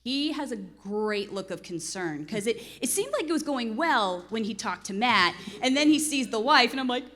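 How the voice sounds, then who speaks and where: Animated woman telling a story, laughing. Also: a little high, moderate pace. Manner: animated, laughing, acts out quotes. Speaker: real estate investor. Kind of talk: storytelling on a panel.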